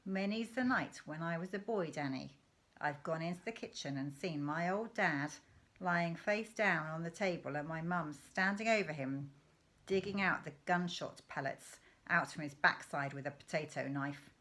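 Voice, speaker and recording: A woman's voice: deep voice, moderate pace, fairly bright tone. A woman reading aloud voices a boastful, mischievous father who relishes telling his son tall tales about poaching. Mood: conspiratorial.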